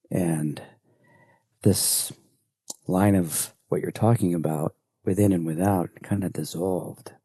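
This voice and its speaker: A man, an elder of a spiritual community, slowly recounts a spiritual experience in a reflective group sharing, with halting restarts. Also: low-pitched, warm tone, slightly rough, dry recording. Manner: slow, searching, halting restarts.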